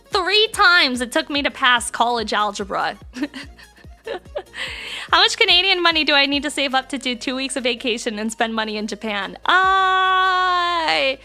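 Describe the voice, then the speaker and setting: A young woman streaming live, chatting casually with her chat, bubbly and prone to sudden excited squeals. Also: high-pitched, a little slow, faint music behind. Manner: bubbly, reads and answers chat, jumps to squeals.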